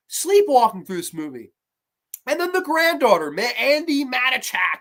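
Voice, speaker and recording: A horror movie reviewer ranting through a sequel with profane, sarcastic jabs, dropping to low grumbles and rising to loud mocking shouts. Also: sing-song, normal speed.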